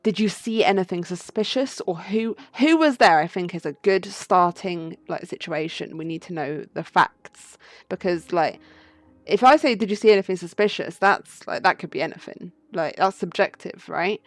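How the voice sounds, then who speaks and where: A woman's voice: on the low side, animated, moderate pace, no room sound. A young woman streaming a game live, chatty and laughing, swearing and talking to her chat. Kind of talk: casual live gameplay commentary. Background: faint game music.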